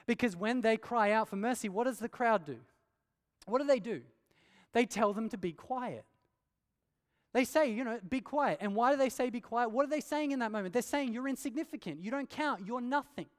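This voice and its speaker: A man preaching an earnest sermon, asking rhetorical questions and pressing his points with emphasis. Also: extremely high pitch. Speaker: pastor. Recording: long hall reverb.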